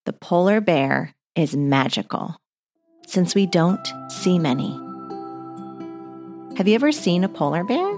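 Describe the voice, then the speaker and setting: A gentle woman with a lower voice guides children through a mindfulness story and breathing exercises. She speaks very slowly and calmly, like she is leading a family exercise. Faint music plays behind her. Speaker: host of children's mindfulness podcast.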